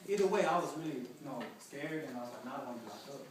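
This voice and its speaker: A man's voice: mid-range voice, expressive, racing, hardly any pauses. Man sharing his testimony in a hall. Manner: earnest, plain-spoken storytelling with repeated "you know". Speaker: speaker giving testimony. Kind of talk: personal testimony talk. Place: large echoey hall with an audience. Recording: very echoey hall, distant mic, crowd behind.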